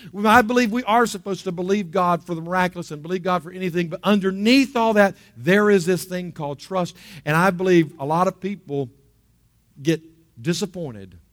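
A man's voice: high-pitched, brisk. A middle-aged male pastor preaching a sermon, telling a story with chatty asides and rising to emphatic appeals.

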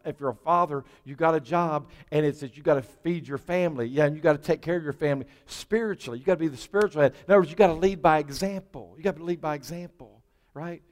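A man preaching a sermon as pastor, folksy and conversational, building to fervent prayer. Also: on the high side. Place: church sanctuary. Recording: church hall reverb.

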